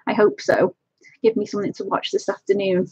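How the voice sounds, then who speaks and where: A woman's voice: very high-pitched, very animated, a little fast, gravelly, a little mellow, no room sound, highs cut off. A woman hosting a casual colouring live stream from home on a webcam, chatting, laughing often and greeting viewers by name. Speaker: colouring channel host. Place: home, indoors.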